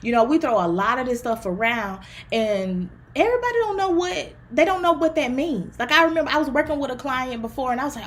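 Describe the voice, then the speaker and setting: A woman's voice: high-pitched, animated, fairly quick, hardly any pauses. A woman from the Southern US with a country twang, a therapist and relationship coach chatting to viewers on a livestream. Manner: chatty, upbeat, talks straight to viewers. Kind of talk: casual livestream talk.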